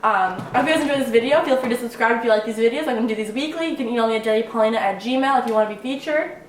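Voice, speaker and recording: A woman's voice: a little high, rapid-fire, recorded from a distance, a little hiss or hum. A young woman giving blunt relationship advice in a casual vlog, rambling with lots of "like" and swearing freely. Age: young adult. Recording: echoey room, away from the mic, faint ambience.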